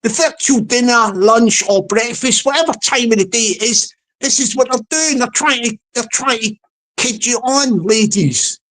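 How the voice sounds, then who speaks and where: A man's voice: very high voice, normal speed, fairly bright tone, a little hiss or hum. A man vlogging comic commentary, rambling along with many stammered restarts.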